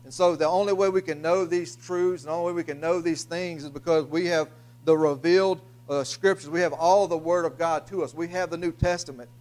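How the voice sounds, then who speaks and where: Pastor, slightly raised pitch, halting sermon delivery with restarts and fillers. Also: male voice, fairly even intonation, a little mellow. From Louisiana, US. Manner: halting, repeats words, frequent uh fillers. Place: church sanctuary.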